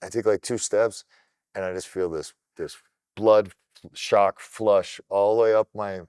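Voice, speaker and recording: A middle-aged man from Ohio, a kickboxer guest on a podcast, telling his story in an animated, casual way and swearing freely. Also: fairly low pitch, measured pace, smooth, no room sound, clean studio sound.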